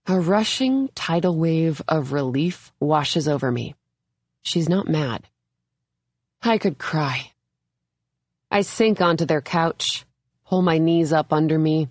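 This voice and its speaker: Female audiobook narrator, young adult: low voice, unhurried, measured first-person delivery. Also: dry recording. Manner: measured, even storytelling.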